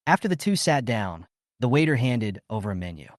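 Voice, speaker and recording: A man reading a story recap as scripted narration, in a lively storytelling way. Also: medium pitch, a little fast, no room sound, clean studio sound.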